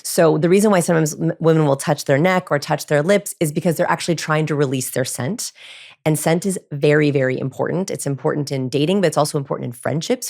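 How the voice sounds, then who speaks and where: A woman's voice: low voice, darkish tone. A woman, a body language researcher, talking as a podcast guest with energy, laughing often and acting out the lines she quotes. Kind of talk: animated podcast conversation.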